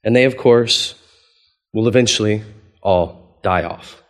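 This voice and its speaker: A man preaching a sermon as pastor, conversational and playful, acting out quoted dialogue with big swings in voice. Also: unhurried. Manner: animated, acts out quoted dialogue with big pitch jumps; conversational, playful, chuckles often.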